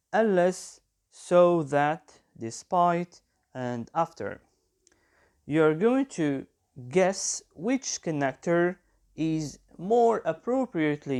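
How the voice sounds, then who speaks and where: Male teacher from Algeria, slow and methodical, animated pitch, exam walkthrough. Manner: explains step by step, addressing students directly. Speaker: English teacher. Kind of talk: exam correction lesson.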